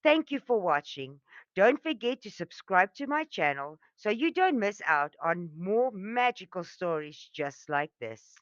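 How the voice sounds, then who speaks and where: A woman telling a children's story in a slow, expressive, sing-song way. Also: medium pitch, no room sound, muffled recording.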